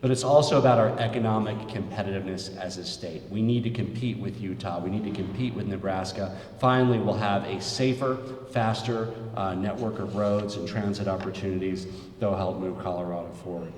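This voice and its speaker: Low-voiced man at a press podium. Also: steady tone, fairly quick, darkish tone, a little hiss or hum. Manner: plain-spoken, frequent fillers. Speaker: state governor. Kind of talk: press conference remarks. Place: large echoey press room. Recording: roomy, long reverb from the hall.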